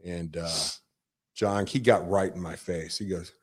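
A man telling a story in casual chat, animated, swearing and acting out quotes. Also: low-pitched, unhurried, breathy edge. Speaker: guest storyteller.

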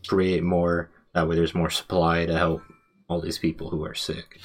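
A deep-voiced man co-hosting a podcast. He talks casually and meanders, piling up fillers and restarting his sentences often. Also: flat delivery, normal speed. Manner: rambling, filler-heavy, many self-corrections. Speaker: podcast co-host. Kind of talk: casual chat.

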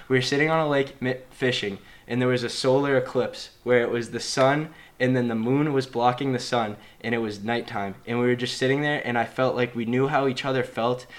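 Man, young adult, casual podcast chat, earnest, rambling, average pitch. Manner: earnest, rambling, says "like" and "bro" often. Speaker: podcast co-host.

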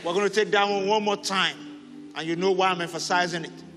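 A man pastor leading prayer and having the congregation repeat declarations after him, rising to fervent shouts. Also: high voice, fairly even intonation, fairly quick. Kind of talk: sermon and prayer. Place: large church hall. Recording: echoing hall with music.

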